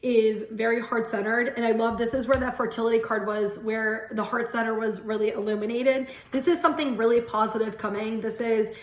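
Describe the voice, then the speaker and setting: A woman in her thirties gives a casual spiritual card reading. She is chatty and quick to giggle, with a slightly high voice and the odd swear word. The room around her sounds echoey. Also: steady tone. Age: 30s. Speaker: tarot and angel card reader.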